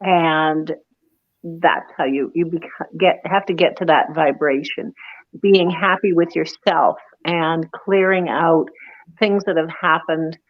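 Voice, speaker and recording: Lower-voiced woman guest, muffled sound. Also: steady tone, takes it slowly. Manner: self-deprecating, laughs at herself. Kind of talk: casual chat.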